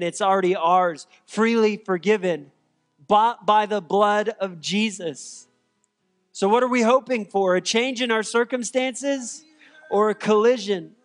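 A man preaching from the pulpit in an earnest, emphatic manner, leaning on repeated refrains. His voice sits a bit high and moves slowly and deliberately. It rings with a long hall reverb over faint music. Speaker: pastor. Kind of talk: sermon.

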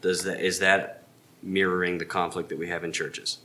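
A man leads an evening Bible class in an earnest, emphatic manner. His voice is low but carries a bright, forceful edge, with a faint hiss of background noise. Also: level tone, moderate pace. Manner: earnest, emphatic explaining with rhetorical questions. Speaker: Bible school teacher.

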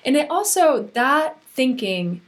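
A woman in her thirties speaks as a podcast guest with a fairly high voice. She talks earnestly and with animation, opening up candidly in conversation. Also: sing-song, slow pace. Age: 30s.

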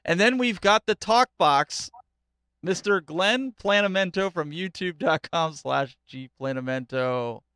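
A man's voice: sits high, a little slow, sharp tone, clean tone, no room sound, studio quality. A man hosting a podcast, introducing the panel in a casual, upbeat way. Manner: upbeat, laughs easily. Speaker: host.

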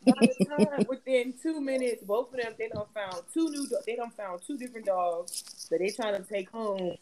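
A woman's voice: moderate pace, a little hiss or hum, low-quality recording. A young adult woman hosting a podcast, telling a story in casual, profane chat and acting out every quote. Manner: animated, profane, acts out quotes with big pitch jumps. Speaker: podcast host.

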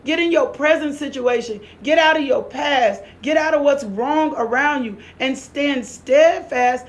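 A woman preaches with a high, fervent voice. She exhorts and repeats lines over and over, breaking into laughter. She sounds middle-aged. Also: a little slow, hardly any pauses. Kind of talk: preaching sermon.

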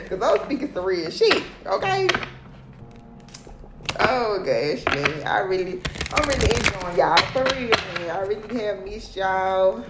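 A woman's voice: medium pitch, animated, slow, roomy sound, very noisy. A woman giving a casual spiritual tarot reading to her followers, blunt and preachy, swearing constantly and punctuating points with "okay?" and "period.".

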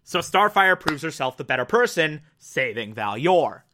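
A man casually reviewing a cartoon episode, animated and emphatic, with mocking asides. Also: on the high side, normal speed.

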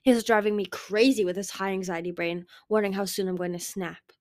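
A woman's voice: medium pitch, steady tone, a little fast, a little mellow, dry recording, lightly acted. Woman reader doing a brooding young male dragon for a storybook, earnest and pleading, dry close sound.

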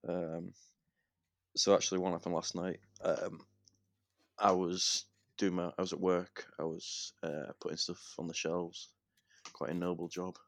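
Young man, very low voice, dry close sound, casual podcast storytelling. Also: unhurried, no room sound. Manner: animated storytelling, swearing and laughing. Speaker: podcast co-host.

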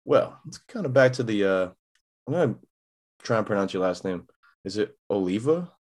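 Low voiced guy hosting a podcast, jokey and slangy, real easygoing. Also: animated, moderate pace. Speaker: podcast host. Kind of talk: casual podcast chat. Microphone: camera mic.

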